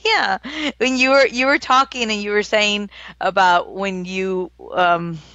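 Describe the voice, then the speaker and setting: A woman's voice: mid-range voice, fairly even intonation, a little slow, bright, forceful tone, clear, resonant tone, dry recording, muffled recording. A woman co-hosting a casual live-stream chat, giggly and teasing, talking in a loopy, scattered way. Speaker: co-host.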